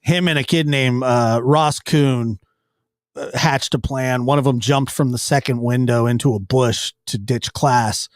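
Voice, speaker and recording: A man's voice: medium pitch, steady tone, measured pace, no room sound, studio quality. A man giving casual commentary as he reacts to news clips, rambling with restarts and chuckles.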